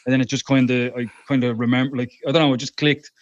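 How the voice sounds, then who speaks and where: A man on a muffled, dry, lo-fi line, speaking at a middle pitch. He tells his story with small stumbles and chuckles between his words. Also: flat delivery, fast talker, no room sound. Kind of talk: casual chat.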